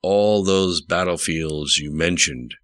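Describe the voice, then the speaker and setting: A man's voice: low-pitched, takes it slowly, a bit bright, no room sound. A man reading the lines of a stern, blunt, battle-hardened male general in an audiobook.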